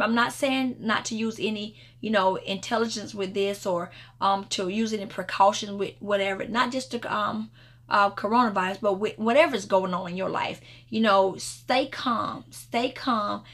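Gravelly-voiced woman minister telling a story. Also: fairly high pitch. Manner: rambling storytelling with frequent restarts and laughter. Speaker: minister leading a prayer video. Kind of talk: informal devotional talk.

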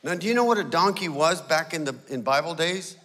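A man preaching a sermon as a guest pastor, telling stories and acting out small scenes, sometimes dropping to a hushed, pleading tone. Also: on the high side, lively intonation, brisk, big-room sound. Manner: storytelling, acting out little scenes. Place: church sanctuary.

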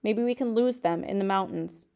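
A woman reading aloud and voicing a desperate young fisherman fleeing with his family, in a low, weary, halting way. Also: gravelly, dark tone, lightly acted. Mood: resolved. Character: desperate young male fisherman, father in flight.

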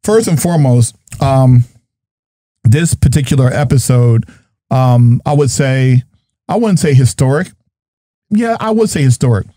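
A man's voice: medium pitch, lively intonation, unhurried, long pauses, dark tone, dry recording, studio quality. A middle-aged man from New Jersey hosting his podcast in a playful, jokey, hype manner. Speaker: podcast host. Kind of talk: lively podcast chat.

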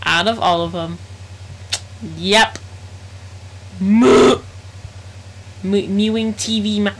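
Unhurried, excitable woman streamer. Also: mid-range voice, slight background noise, rough recording. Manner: excitable, slangy, reacting aloud to chat. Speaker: gaming live streamer. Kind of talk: casual live-stream commentary.

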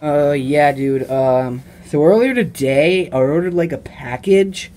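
A man voicing an annoyed young male neighbor who talks loudly and casually. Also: fairly high pitch, measured pace, soft background music, lightly acted. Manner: loud, casual, slangy.

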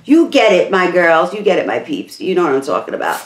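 A woman's voice: fairly low pitch, sing-song, fairly quick, echoey room. A woman who is losing her voice gives a casual, rambling hair tutorial, peppered with "like" and "literally". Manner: chatty, rambling, full of "like" and "literally". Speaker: beauty vlogger.

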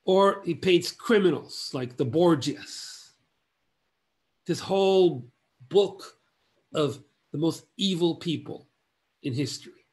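A man giving an illustrated art history lecture in measured, halting phrases broken by long pauses. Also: fairly high pitch, darkish tone.

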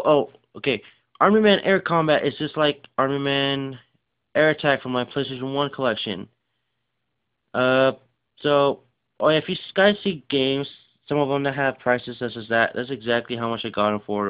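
In a dull, lo-fi recording, a weary man who vlogs about his game collection shows things off in a loose, unplanned way. His voice is smooth, resonant, and medium in pitch. He talks in a rushed, rambling style packed with fillers and hurried asides.

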